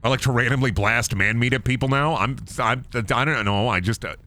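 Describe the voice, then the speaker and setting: A man's voice: medium pitch, fairly quick, sharp tone. A man streaming a game, rambling through profane, jokey asides. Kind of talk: casual gaming commentary.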